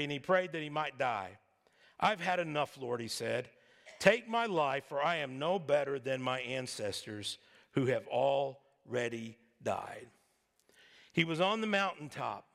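With a high, sharp voice echoing in long hall reverb, a middle-aged pastor delivers his sermon as a relaxed story, sprinkled with humor and side remarks.

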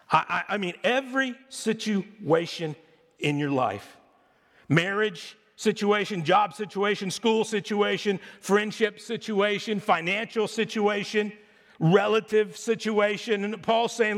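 A middle-aged pastor with a high voice delivers a sermon to his congregation. He talks in a chatty, joking way and slips into sarcastic impressions. His voice carries a long hall reverb from the church around him. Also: unhurried, fairly bright tone.

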